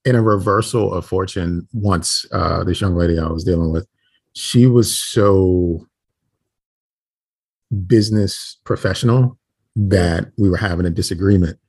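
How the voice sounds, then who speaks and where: Husky deep-voiced man in his forties. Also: unhurried, dry recording. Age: 40s. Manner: blunt, profane storytelling with animated quoted voices. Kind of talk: casual chat.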